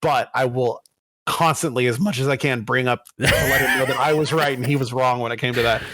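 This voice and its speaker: A man co-hosting a podcast, telling stories in casual chat and acting out quotes with big jumps in pitch. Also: steady tone, fairly quick, bright, forceful tone. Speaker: podcast co-host.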